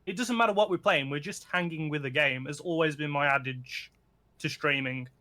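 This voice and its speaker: A man's voice: fairly high pitch, normal speed, sharp tone. A middle-aged man from England, a guest streamer chatting casually and joking about his own silly accents. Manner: jokey, playful with silly accents. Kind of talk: casual podcast chat.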